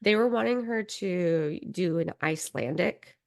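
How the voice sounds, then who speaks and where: A woman co-hosting a podcast in casual chat, telling stories in an unhurried way with trailing pauses. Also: lowish voice, gravelly, darkish tone, no room sound, studio quality. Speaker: podcast co-host.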